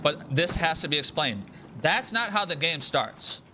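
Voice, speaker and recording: A young man streaming a game, talking in a casual, profane, animated rant and repeating himself for emphasis. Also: fairly high pitch, a little slow, slight background noise. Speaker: gaming streamer. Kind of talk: casual live-stream rant while gaming.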